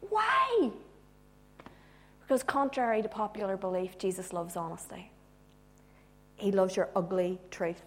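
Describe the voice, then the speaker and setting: A woman preacher giving a sermon with humorous asides, moving from loud emphasis to hushed tones. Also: mid-range voice, fairly even intonation, normal speed.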